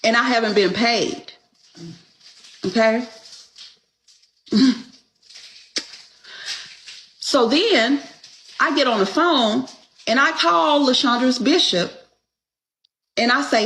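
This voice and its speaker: Woman, slow-paced, slightly high voice, indignant, profane, casual storytelling, acts out dialogue. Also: fairly bright tone, slight background noise, low-quality recording. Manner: indignant, profane, punctuates with rhetorical "Okay?".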